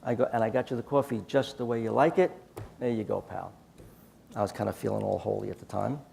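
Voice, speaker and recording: Man, gravelly voice, conference speaker, animated storytelling, acts out dialogue. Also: fairly low pitch, fast talker, a little hiss or hum. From United States. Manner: animated anecdotes with quoted dialogue. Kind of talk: storytelling talk.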